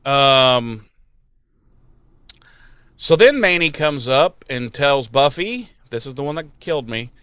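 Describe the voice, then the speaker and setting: A man hosting a podcast, casually retelling an episode with animated mocking voices for the characters and plenty of swearing. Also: medium pitch, slow, long pauses, clean tone, no echo. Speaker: podcast host.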